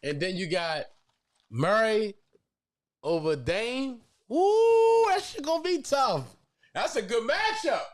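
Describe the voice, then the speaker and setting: A man with a Baltimore accent trades takes in a casual sports chat. His voice rides high and leaps all over the place as he gets excited. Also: measured pace, long pauses. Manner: excitable, swoops up and down in pitch.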